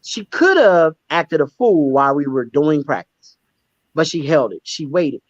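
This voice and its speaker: A man telling candid stories as a guest in a conversational interview, emphatic and animated, often repeating words as he restarts. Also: fairly high pitch, a little slow, lo-fi sound. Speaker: stand-up comedian and guest.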